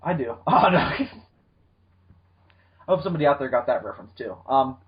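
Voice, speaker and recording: A man's voice: medium pitch, lively intonation, normal speed, lo-fi sound. A man co-hosting a casual movie podcast, rambling with lots of ums and joking asides. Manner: rambling with many ums, swearing, jokey voices. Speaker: podcast co-host.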